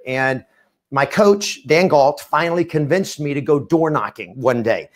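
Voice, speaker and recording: A man's voice: on the high side, expressive, measured pace. A middle-aged man presenting a live training webcast as a real estate coach, with emphatic, repetitive, punchy delivery. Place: studio.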